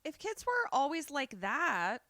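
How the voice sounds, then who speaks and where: A woman's voice: high-pitched, huge pitch swings, unhurried, sharp tone, no echo. A young woman co-hosting a podcast, joking brashly in casual chat. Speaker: podcast co-host.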